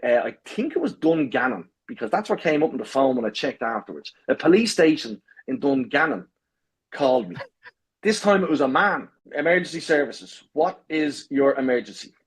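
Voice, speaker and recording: A man telling an animated story in casual chat, swearing freely and acting out voices. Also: a little high, husky. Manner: animated, swears a lot, acts out shouting. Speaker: podcast guest.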